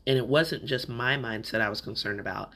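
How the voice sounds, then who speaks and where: A man with a bright, forceful voice shares a personal story on his podcast. He talks candidly and reflectively, in a loose conversational flow. His pitch sits in an ordinary middle range for a man. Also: brisk, creaky. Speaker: podcast host.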